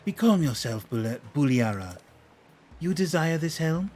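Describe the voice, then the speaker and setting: A man voicing a young female chief who speaks in a formal, measured way. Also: a little high, very animated, darkish tone, a little hiss or hum, voice pushed up. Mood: regal.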